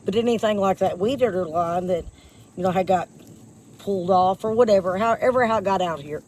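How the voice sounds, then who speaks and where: This vlogger talks fairly quickly in a mid-range, slightly mellow voice as she weeds the yard near a porch. Her chat with viewers is casual, folksy, and meandering, broken by a slight cough from a chest infection, over a little hiss or hum.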